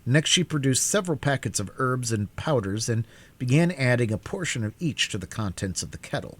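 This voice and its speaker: A man's voice: mid-range voice, very animated, fairly quick, fairly bright tone. A man reading a classic children's book aloud in a live stream, narrating expressively. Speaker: reader.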